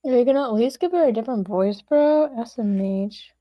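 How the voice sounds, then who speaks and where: A woman at a tabletop game teases and pushes the game master in casual banter. Her voice is high. The sound is dry and a little dull, as if from a modest mic. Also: brisk, no echo. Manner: teasing, pushy banter. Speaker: player.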